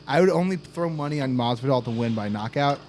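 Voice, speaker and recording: A man's voice: medium pitch, expressive, fast talker, a little mellow, a little hiss or hum. A man hosting a casual podcast, loosely reading out viewer comments and joking with his co-hosts. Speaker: podcast host. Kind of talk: casual chat.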